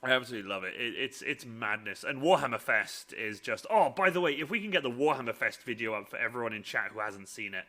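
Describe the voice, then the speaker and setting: A man hosting a casual live-stream Q&A, excitable and laughing often as he acts out quoted voices. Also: mid-range voice, quick pace, hardly any pauses.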